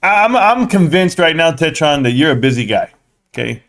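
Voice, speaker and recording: A man in his forties hosting a live stream, teasing his guest with animated, excitable banter. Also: on the high side, normal speed, slight background noise. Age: 40s.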